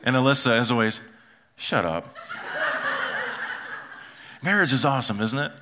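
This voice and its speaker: A man's voice: medium pitch, racing, background noise. A middle-aged man, a pastor, preaching a sermon in a church auditorium and telling family stories, acting out the voices of his relatives. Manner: storytelling, acts out family members' voices.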